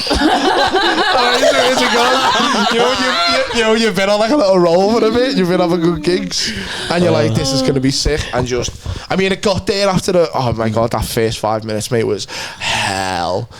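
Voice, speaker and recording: A young man tells stand-up stories on a podcast in a fairly high voice, swearing freely, laughing and acting out other people's lines. A clear hiss of noise sits under the recording. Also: normal speed. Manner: swearing storyteller, laughs often, acts out quotes. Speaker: podcast co-host and stand-up comedian. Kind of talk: casual chat.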